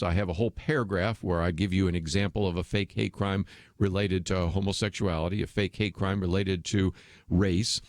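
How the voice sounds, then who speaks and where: A man's voice: low-pitched, a little mellow, no echo, clean studio sound. A man hosting a radio talk show, delivering an earnest, persuasive commentary with frequent fillers and restarts.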